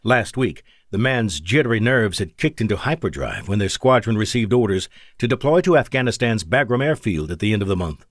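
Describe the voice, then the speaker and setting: A man reading an audiobook in measured, dramatic scripted narration at a close studio mic. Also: fairly low pitch, very animated, dry recording.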